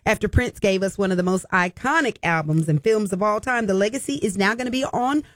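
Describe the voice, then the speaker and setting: A woman's voice: mid-range voice, a little fast, no room sound, studio quality. A woman co-hosting a radio show, giggling and upbeat as she reads entertainment news. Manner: laughing, upbeat. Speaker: radio co-host.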